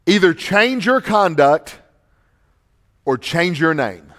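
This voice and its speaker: A man's voice: big pitch swings, takes it slowly, fairly bright tone, heavily acted. A preacher doing a stern ancient king. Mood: grave. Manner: commanding, booming then grave. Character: stern ancient male conqueror-king passing judgment.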